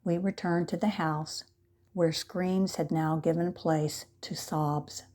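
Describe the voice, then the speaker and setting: A woman reads an audiobook aloud at a slow, measured pace. Her voice is low and mellow, with a dark tone. She narrates steadily. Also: steady tone. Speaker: volunteer audiobook reader.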